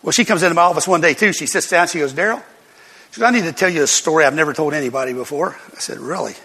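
An older man preaching a sermon, telling folksy stories with sudden loud outbursts. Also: a little high, very fast, husky. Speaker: pastor. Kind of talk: sermon storytelling. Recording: long hall reverb.

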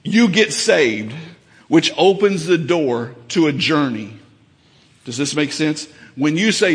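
A man with a high, ringing voice preaches a fervent, folksy sermon that swells into shouts. His voice carries a long reverb off the walls of a large church hall. He talks plainly and colloquially to his congregation. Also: animated, takes it slowly. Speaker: pastor. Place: church sanctuary.

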